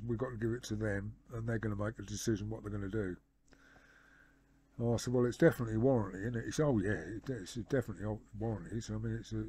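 Man retelling a phone call, mellow voice. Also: lowish voice. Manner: rambling retelling of a phone conversation, lots of "he said" and "I said". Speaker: motorcycle vlogger. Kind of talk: casual storytelling to camera.

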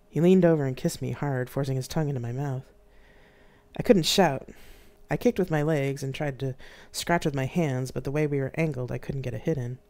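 An author reading their own novel aloud in an expressive, dramatic live-streamed narration. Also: medium pitch.

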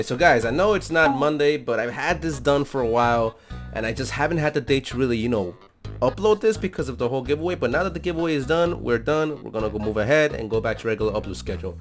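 A man hosting a gaming channel, giving let's-play commentary in an excitable, slangy way and jumping into loud outbursts. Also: mid-range voice, fast talker, soft background music.

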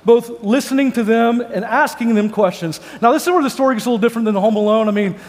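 A male pastor with a notably high voice preaches in a large church. He moves between scripture and loose, joking stories, and his voice rings out with a long hall reverb. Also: quick pace. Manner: joking, conversational storytelling. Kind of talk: sermon.

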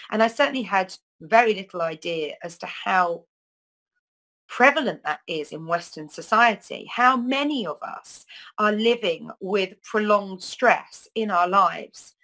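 A middle-aged woman hosts a wellness talk, speaking casually to camera and rambling with plenty of ums and restarts. Her voice is mid-range and a bit bright, and the recording quality is low.

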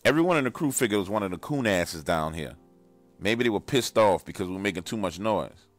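A man with a very deep voice tells a scripted first-person horror story in a weary, bleak way. Faint music plays softly under his narration. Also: animated, fast talker, dry recording. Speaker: storyteller recounting an encounter.

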